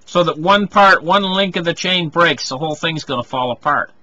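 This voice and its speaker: A man's voice: a little high, normal speed, pushed and bright, highs cut off. A man giving a rambling monologue, circling back with restarts and frequent asides. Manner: rambling, full of restarts and "you know".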